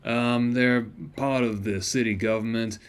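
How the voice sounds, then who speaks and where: A man putting on a rough, streetwise city guard who talks blunt and plain, with a scratchy put-on grit to the voice and a medium pitch. he sounds like he has no time for anybody's questions. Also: fairly even intonation, unhurried, natural voice. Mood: gruff.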